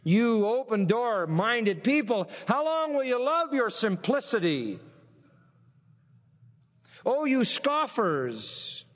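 High-voiced emphatic male preacher, reverberant. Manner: emphatic, asks the audience rhetorical questions. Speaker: pastor. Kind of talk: sermon.

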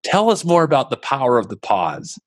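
A man's voice: medium pitch, huge pitch swings, fairly quick. Enthusiastic male interviewer. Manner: enthusiastic, prompting questions. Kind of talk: conversational interview.

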